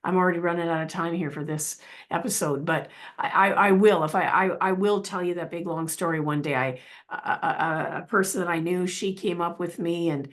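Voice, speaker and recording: Speaking a little fast in a lowish voice, a middle-aged woman who works as a healing practitioner shares her personal story. The telling is casual and sincere but rambling, with plenty of restarts and side comments.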